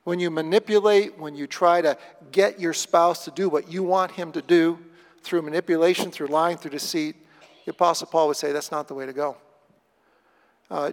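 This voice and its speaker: A male pastor preaching a sermon in an animated way, acting out voices. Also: on the high side, in a large hall.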